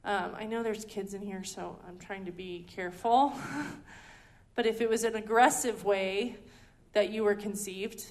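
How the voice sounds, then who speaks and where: A woman's voice: medium pitch, steady tone, a little slow, darkish tone. A woman giving a conversational teaching talk at a ministry school, chatty and full of ums and restarts. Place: indoor teaching hall.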